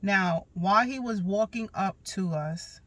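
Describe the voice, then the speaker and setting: A woman in her thirties tells a personal story on her podcast. She is candid and emphatic, cursing bluntly now and then. Her voice is bright and forceful, with a dry, close sound. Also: medium pitch, unhurried, no room sound. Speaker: podcast host.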